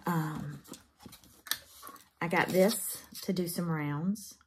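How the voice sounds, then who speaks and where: A woman's voice: fairly low pitch, fairly even intonation, very slow, noisy background. A woman, chatting casually to camera as a craft vlogger in her home craft room, folksy and emotional.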